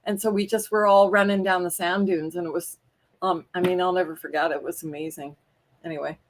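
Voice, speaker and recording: A woman's voice: on the low side, steady tone, fairly quick, slight background noise. A woman co-hosting a livestream chat, talking casually and telling family stories. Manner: chatty, laughs easily, tells family anecdotes. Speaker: co-host.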